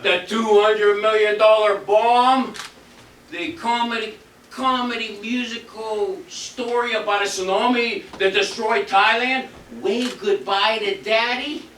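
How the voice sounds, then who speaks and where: A man's voice: high voice, fairly even intonation, slow pace. A man acting a brash, insulting theatre producer in a stage comedy, recorded from far off in an echoey hall. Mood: scornful. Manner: gruff, loud and insulting. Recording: echoey stage from a distant mic, faint hiss.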